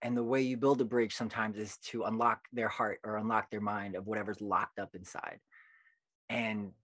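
A man, a poet guest on a podcast, telling stories in an earnest, animated way. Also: fairly low pitch, moderate pace, no echo. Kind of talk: casual podcast conversation.

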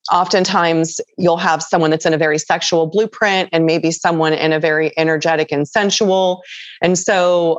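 A woman's voice: on the low side, no room sound. A woman guest on a podcast conversation, explaining in an earnest, patient way. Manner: earnest, explanatory, acts out quoted voices. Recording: dull, dry lo-fi audio.

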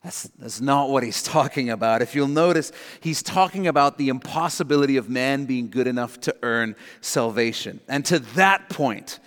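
Brief: male pastor, mid pitch, earnest sermon delivery, long reverb of a church hall. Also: normal speed, few pauses, fairly bright tone. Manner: earnest, emphatic, repeats key lines.

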